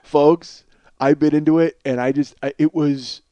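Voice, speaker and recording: A man's voice: on the high side, fairly even intonation, moderate pace, warm tone, smooth, muffled recording. A man hosting a comedy podcast, telling a rambling, profane, self-mocking story and laughing at his own jokes. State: cold sore on face. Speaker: podcast host. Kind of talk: comic storytelling monologue.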